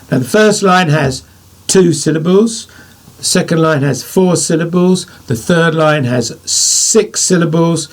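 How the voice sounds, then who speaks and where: An older man, a poet, giving a writing lesson to children, thinking aloud as he drafts and praising imagined answers. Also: fairly high pitch.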